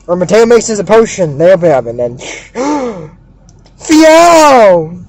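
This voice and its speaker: A man excitedly retelling a cartoon episode, gasping and shouting as he recaps the action. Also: high-pitched, racing, no echo, low-quality recording. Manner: animated, gasps and shouts with excitement.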